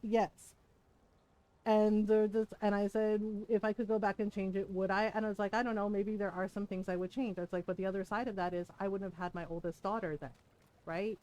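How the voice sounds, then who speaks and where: A woman's voice: medium pitch, flat delivery, brisk, a little mellow. A woman in her forties, streaming a game, telling family stories in a candid, laughing way and swearing freely. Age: 40s. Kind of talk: casual storytelling chat.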